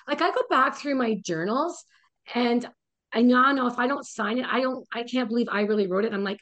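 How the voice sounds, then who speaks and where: A woman's voice: on the high side, a little fast, a bit bright. A woman wellness coach, a guest on a podcast, giving frank and encouraging advice in casual conversation and swearing now and then.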